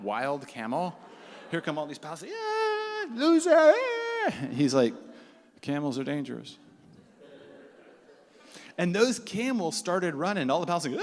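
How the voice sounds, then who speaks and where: A man's voice: a little high, brisk. A man telling a personal story to a live audience, acting out the voices of the people in it. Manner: animated, acts out the people he quotes. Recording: long hall reverb.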